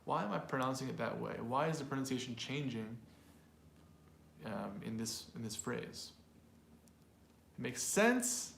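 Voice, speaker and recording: A man co-hosting an English pronunciation lesson, repeating example phrases slowly and explaining word stress in a relaxed way. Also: medium pitch, creaky. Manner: slow, drawn-out repetition of example phrases. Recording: roomy with faint noise.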